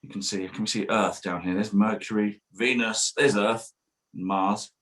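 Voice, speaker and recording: A man's voice: lowish voice, steady tone, moderate pace, fairly bright tone. A man, a children's author, reading his picture book aloud to children at a bookshop event, playful and sing-song, demonstrating silly noises. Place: bookshop event streamed online.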